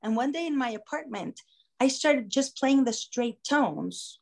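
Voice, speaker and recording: A woman podcast host telling a story in a casual, animated way, acting out the voices of the people in it. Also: sits high, unhurried, creaky. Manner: animated, acts out quoted voices. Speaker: singer.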